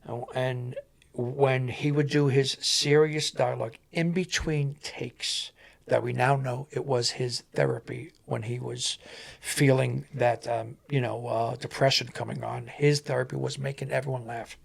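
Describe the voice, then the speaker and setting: A man, a stuntman guest, telling animated on-set stories and acting out the voices of the people in them. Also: mid-range voice, measured pace, creaky. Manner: animated, acts out voices in anecdotes. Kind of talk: animated storytelling.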